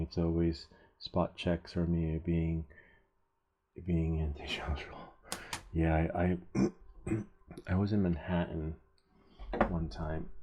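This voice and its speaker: A man's voice: deep voice, highs cut off, slight background noise. A man hosting a soldering livestream, chatting casually and rambling through stories with chuckles. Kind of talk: casual chat while soldering.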